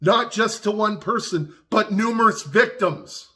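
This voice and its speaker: A man's voice: sits high, unhurried, sharp tone. A man ranting angrily in a vlog recorded in his garage, swearing constantly and raising his voice in indignation. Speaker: vlogger. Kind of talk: angry personal rant. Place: home garage.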